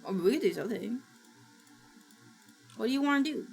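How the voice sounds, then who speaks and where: A woman streamer with a high, bright voice that jumps all over the place as she chats. She is excitable and self-mocking and talks to viewers while she works. Faint music plays behind her. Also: fairly quick, vocal fry. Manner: excitable, gasps and squeals at new followers; chatty and self-mocking, talking while working. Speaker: VTuber streamer. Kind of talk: casual livestream chat. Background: faint background music.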